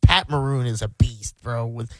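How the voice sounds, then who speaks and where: A man's voice: mid-range voice, normal speed. A man co-hosting a talk radio show, easygoing in casual banter. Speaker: radio co-host.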